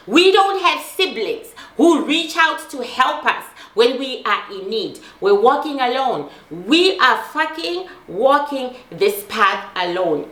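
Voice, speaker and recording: A woman's voice: high voice, pushed and bright, roomy sound. A middle-aged woman giving an intense personal monologue, emphatic and repeating lines for force, swearing as she talks. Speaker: host.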